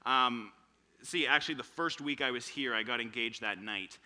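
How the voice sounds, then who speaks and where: A man's voice: medium pitch, moderate pace. A young man in his twenties preaching a sermon in church, telling stories and acting out quotes with energy. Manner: animated storytelling with acted quotes.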